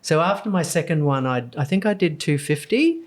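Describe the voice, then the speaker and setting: A woman in her sixties with an Australian accent, a podcast guest telling her story with lively acted-out quotes. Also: sits low, a little fast. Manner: animated storyteller, acts out quoted lines.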